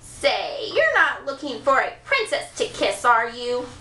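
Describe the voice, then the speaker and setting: A woman's voice: high voice, sing-song, a little slow, bright, forceful tone, full character voice. A woman voicing a suspicious, scheming old female witch. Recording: echoey room from far off.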